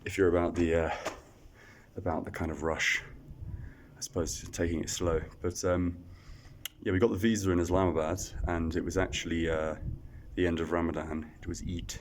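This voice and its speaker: A man vlogs casually about his travels, talking to camera at an echoey outdoor site. His low-pitched voice stays level and moderately paced, with a little hiss or hum. He rambles, using fillers and self-deprecating asides.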